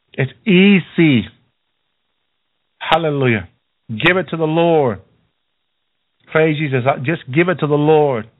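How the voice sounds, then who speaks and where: A male preacher delivering a sermon, repeating phrases and calling out hallelujah between them. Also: on the high side. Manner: exhorting, repetitive, punctuated by hallelujahs. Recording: thin phone-like radio sound.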